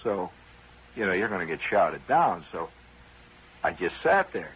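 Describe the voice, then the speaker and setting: Raspy, lively male radio storyteller. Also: deep voice, a little slow, rough recording. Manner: conversational and wry, with many asides to listeners. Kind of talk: rambling radio storytelling monologue.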